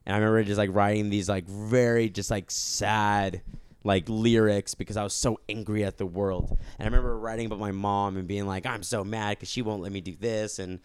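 Profane, animated man in his twenties. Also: lowish voice, brisk, clear, resonant tone. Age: 20s. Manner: loose, profane, animated storytelling. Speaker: podcast co-host. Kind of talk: casual chat.

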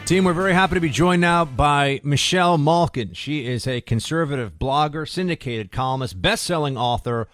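A man's voice: fairly high pitch, normal speed, hardly any pauses, a bit bright, soft background music. A male talk radio host giving a sarcastic, indignant political monologue in punchy bursts.

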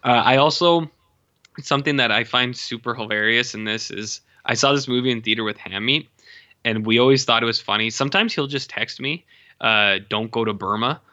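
A man casually co-hosting a movie podcast, talking in an animated, profane way and acting out movie lines in funny voices. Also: mid-range voice, brisk, muffled recording. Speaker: podcast co-host.

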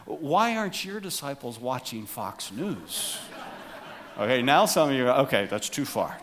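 A man preaching a humorous sermon to his congregation, joking and animated, dropping to quiet asides. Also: medium pitch, a little slow, a little hiss or hum. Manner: jokey, animated, drops to soft asides. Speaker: pastor.

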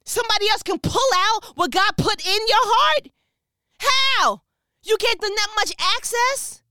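A woman's voice: very high-pitched, animated, measured pace, bright, forceful tone, dry recording. A woman preaching with fervent, emphatic energy, dropping slang and firing repeated questions, speaking over a phone. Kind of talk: motivational preaching.

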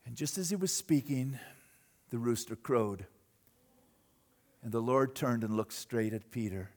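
A man preaching a sermon, telling a story with dramatic swings between loud bursts and hushed moments. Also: medium pitch, unhurried. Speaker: pastor.

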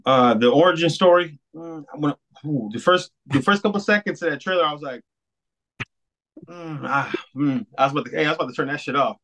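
A man co-hosting a podcast in casual chat, animated, swearing a lot and laughing often. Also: on the high side, fairly quick, low-quality recording. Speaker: podcast co-host.

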